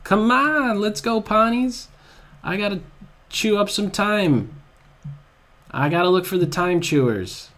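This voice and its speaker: A man giving live commentary on his own blitz chess game, excitable and groaning at his own blunders, at a desk microphone. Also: sits high.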